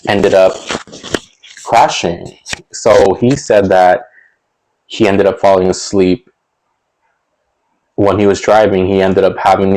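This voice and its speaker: Young guy rambling through a storytime, lowish voice, lots of likes and ums, little laughs. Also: a little mellow, poor audio. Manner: rambling, many fillers and restarts; chuckles between sentences. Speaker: storytelling vlogger. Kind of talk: casual storytime monologue.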